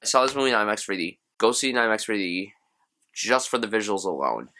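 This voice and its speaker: A man's voice: on the low side, very animated, fast talker, pushed and bright, slight background noise. A young man giving a casual, enthusiastic spoken film review, chatty and full of loose asides. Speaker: movie reviewer.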